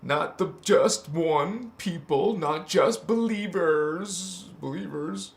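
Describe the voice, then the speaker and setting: Slow and gravelly, pitched on the high side, a man hosts a spiritual channel's livestream sermon. He preaches with casual fervor, calls his listeners "honey," and bursts into chanted syllables.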